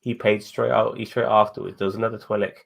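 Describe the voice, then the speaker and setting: Low, gravelly man swearing casually. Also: level tone, fast talker. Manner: profane, rambling, laughs while talking. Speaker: podcast co-host. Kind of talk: casual chat.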